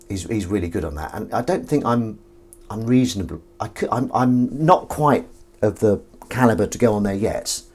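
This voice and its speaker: Rambling man, lively voice. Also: mid-range voice. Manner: rambling, jokey, self-deprecating. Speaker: live stream host. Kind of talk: casual chat reading viewer comments.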